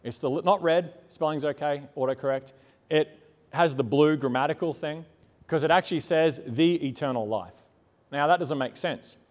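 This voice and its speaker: A man's voice: fairly high pitch, steady tone, moderate pace, big-room sound. A man preaching a sermon as a pastor, telling personal stories with earnest, emphatic repetition.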